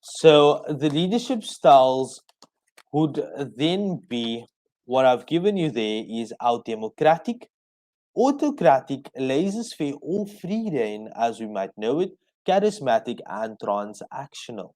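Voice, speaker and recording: A man from South Africa teaching an exam revision lesson on the radio, explaining slowly point by point so students can take notes. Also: mid-range voice, big pitch swings, a little mellow, poor audio.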